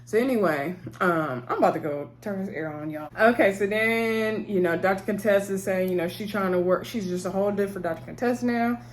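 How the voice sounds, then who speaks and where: A woman's voice: medium pitch, fairly quick, few pauses. Chatty woman in her thirties recapping TV. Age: 30s. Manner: rambling and chatty, laughs often, addresses viewers as y'all. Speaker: TV show reviewer. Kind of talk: casual recap chat.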